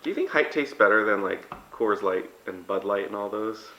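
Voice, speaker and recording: A man's voice: lowish voice, animated, moderate pace, sharp tone, echoey room, dull audio. A man hosting a casual mukbang vlog, chatty and upbeat, talking over takeout at a table indoors. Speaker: vlog host.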